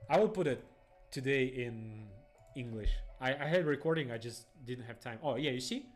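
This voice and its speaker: A young man, rambling excitedly through live trading stream commentary in phrasing. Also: mid-range voice, moderate pace, soft background music. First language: Russian. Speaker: day trader streamer.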